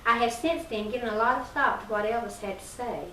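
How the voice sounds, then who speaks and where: A woman's voice: on the high side, a little fast, pushed and bright. Woman reading a story in a roomy hall. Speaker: reader of a short story. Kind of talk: reading a first-person humorous story aloud. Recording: roomy distant early-1990s recording with faint hiss.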